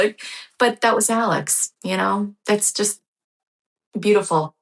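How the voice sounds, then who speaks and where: A woman in her fifties, a podcast guest telling a personal story in a heartfelt, halting way. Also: medium pitch, expressive, a bit bright. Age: 50s. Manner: heartfelt, halting, repeats herself.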